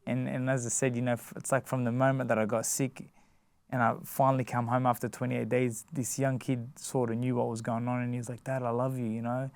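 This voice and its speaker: Speaking as a guest in a relaxed interview, an Australian boxer has a gravelly, darkish, medium-pitched voice with little pitch movement. He keeps starting his sentences over and leans on "you know" and "like." No echo is present.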